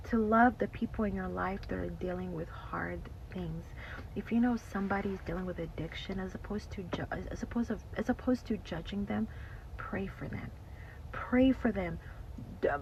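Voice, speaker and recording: A woman's voice: medium pitch, darkish tone. A woman giving an emotional faith testimony in casual talk. She speaks earnestly, repeats herself, often addresses listeners as y'all, and drops to a whisper at emotional moments. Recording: slightly dull lo-fi audio with faint noise.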